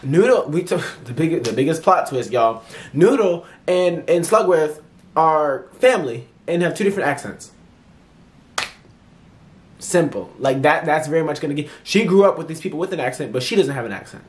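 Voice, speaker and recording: A man giving a casual movie review vlog, chatty and animated, full of fillers and restarts, acting out characters' lines in playful voices. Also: fairly high pitch, normal speed, a little hiss or hum.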